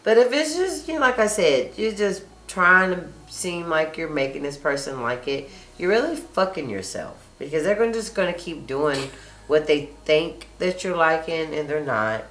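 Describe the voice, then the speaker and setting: Hosting a casual chat show, a woman reads live comments aloud and talks bluntly, swearing a lot and laughing often. Her low, expressive voice is fairly bright and moves at a normal speed, recorded in an echoey room.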